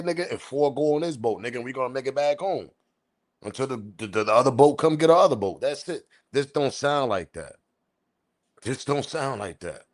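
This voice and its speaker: A man giving casual, animated livestream commentary, repeating himself, swearing and chuckling. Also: medium pitch. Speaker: online news commentator.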